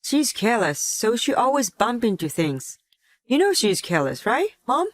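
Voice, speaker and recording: A woman voicing a defensive, sick husband in a text-message story, read in a flat synthetic way. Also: a little high, normal speed, no room sound. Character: sick abusive husband, adult man, defensive.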